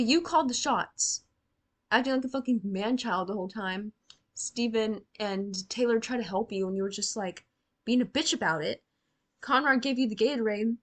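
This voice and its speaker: A woman's voice: fairly high pitch, moderate pace. A young woman giving casual reaction commentary on a TV show, blunt and sarcastic, swearing freely and talking straight to the characters.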